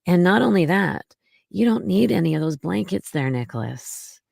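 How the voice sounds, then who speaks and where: Gravelly low-voiced woman, slow and reassuring. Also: sing-song, dry recording, clean studio sound. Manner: slow, gentle and reassuring, with many fillers. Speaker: podcast guest, mommy domme. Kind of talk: casual interview talk.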